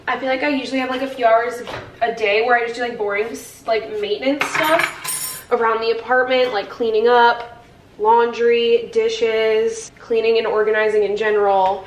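A young woman chats casually to her camera in a fairly high voice, with lots of "like." She is a few steps from the mic in a roomy apartment, and a faint hiss sits under her voice. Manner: chatty, talks straight to camera, lots of "like". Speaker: vlogger. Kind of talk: casual vlog chat. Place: at home in an apartment. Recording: roomy, from a distance, faint noise.

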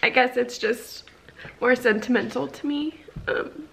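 A young woman vlogging at home as a mom, chatty and sentimental, speaking softly with lots of fillers and sounding teary. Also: fairly high pitch, unhurried, creaky, slight background noise. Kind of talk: casual home vlog. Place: family home.

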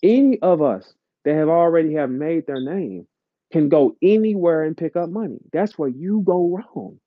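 A man's voice: on the high side, expressive, moderate pace, dry recording. A man, ranting bluntly and profanely in a live audio chat, lecturing his listeners. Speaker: host of an audio chat room. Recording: dull lo-fi audio chat stream.

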